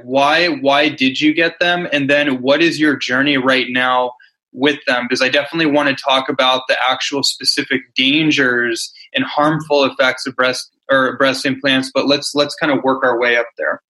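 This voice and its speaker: A man hosting a podcast interview, relaxed and hesitant as he hands over to his guest. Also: mid-range voice, normal speed, low-quality recording. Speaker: podcast host. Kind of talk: casual interview.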